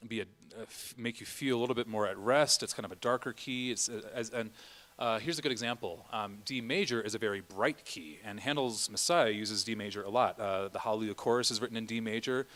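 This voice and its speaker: A man's voice: fairly low pitch, brisk, a bit bright. A middle-aged man directing a choir rehearsal in a church, chatty, often singing vowel and Latin examples.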